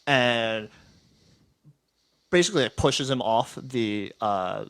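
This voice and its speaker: A man's voice: medium pitch, animated, takes it slowly, fairly bright tone, smooth, no echo. A man narrating as game master in a tabletop role-playing game, casual and chatty with frequent fillers and laughs.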